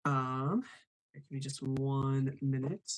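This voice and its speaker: A man hosting a live stream in a casual, chatty way, apologetic and quick to laugh. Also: mid-range voice, steady tone.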